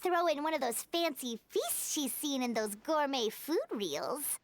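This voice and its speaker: Paimon, a squeaky little companion. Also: female voice, lively intonation, unhurried, slight background noise. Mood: cheeky. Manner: blunt, teasing, talks of herself by name. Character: small floating girl companion, chatty and cheeky. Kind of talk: video game cutscene dialogue.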